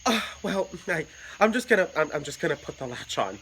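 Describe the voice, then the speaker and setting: A man voicing a frantic, beaten-up man in his fifties who pleads and stammers in a high, strained voice. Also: sing-song, a little fast, a bit bright, a little hiss or hum, rough recording. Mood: desperate. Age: 50s.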